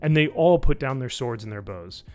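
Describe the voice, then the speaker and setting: A man's voice: mid-range voice, animated, moderate pace, soft background music. A man on a live stream recapping a show in a casual, rambling way, sarcastic and profane, with lots of fillers. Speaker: YouTube reviewer on a live stream.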